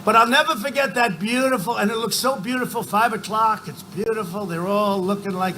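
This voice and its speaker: Older male rally speaker, boastful and rambling, high bright voice, faint crowd noise behind. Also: a little fast, rough recording. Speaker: political speaker at a campaign rally. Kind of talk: rally speech. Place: large outdoor rally.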